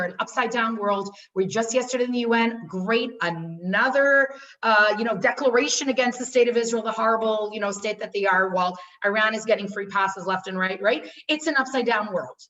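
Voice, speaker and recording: A woman's voice: a little high, fairly bright tone, distant mic, muffled recording. Earnest woman teacher heard from afar. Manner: earnest, storytelling, repeats for emphasis. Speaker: class teacher. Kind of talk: teaching a class.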